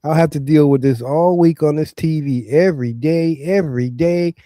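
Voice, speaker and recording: A man on a sports panel who tells stories in an animated way. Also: fairly high pitch, moderate pace, no room sound. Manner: animated storyteller. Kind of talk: casual panel chat.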